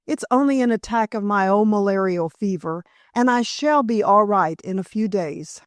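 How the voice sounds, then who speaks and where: A woman's voice: medium pitch, normal speed, no room sound, studio quality, lightly acted. Woman reading a tired, ailing young man. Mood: tired, reassuring. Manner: tired, gentle reassurance. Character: ailing young man, feverish but cheerful.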